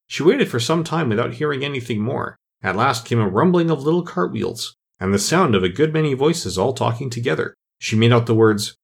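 A man narrating a children's story in an expressive storytelling manner. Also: medium pitch, fairly quick, gravelly, hardly any pauses, slightly rough. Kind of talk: audiobook narration.

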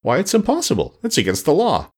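A man's voice: a little high, huge pitch swings, fast talker, a little mellow, husky, voice pushed up, heavily acted. A man reading aloud and voicing a pleasant but flustered male gatekeeper in a storybook. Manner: fussy and scandalized.

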